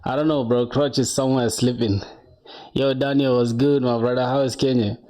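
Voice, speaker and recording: Young male streamer, rambling casual chat, mellow dark tone, keeps saying bro. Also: mid-range voice, steady tone, moderate pace. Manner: chatty, rambling, says bro a lot, reads chat aloud. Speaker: coding livestreamer.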